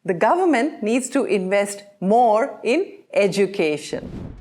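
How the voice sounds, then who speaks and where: Slow, expressive woman teaching pronunciation. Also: medium pitch, faint music behind. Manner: slow, carefully enunciated drills with questioning tones. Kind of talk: scripted pronunciation lesson.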